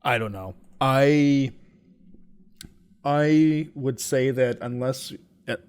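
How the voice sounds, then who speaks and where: A man's voice: mid-range voice, very slow, darkish tone, clear, resonant tone. A young man co-hosting a casual chat, rambling with restarts and blunt, profane opinions.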